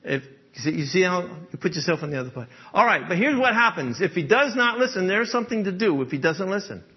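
A man's voice: high voice, very animated, fast, breathy edge, dull audio. A man preaching a sermon in a conversational way, often checking in with "okay?" and "right?" and chuckling as he talks. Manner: chuckles often while speaking. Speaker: pastor.

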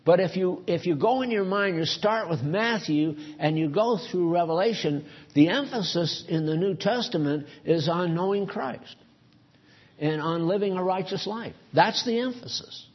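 A man's voice: high-pitched, normal speed, slightly rough, lo-fi sound. A man preaching a sermon earnestly, pressing his points with rhetorical questions.

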